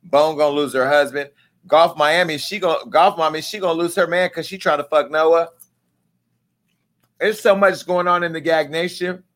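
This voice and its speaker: Male vlog host, joking gossip commentary, salty and lively, slightly high voice. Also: normal speed. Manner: animated, profane, joking.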